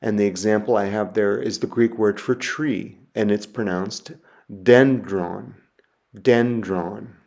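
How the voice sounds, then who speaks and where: A man giving a recorded lecture, walking through letters slowly and methodically, repeating each example word. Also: fairly low pitch, fairly even intonation, vocal fry, a little mellow. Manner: slow, methodical, spelling sounds out and repeating words. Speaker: teacher.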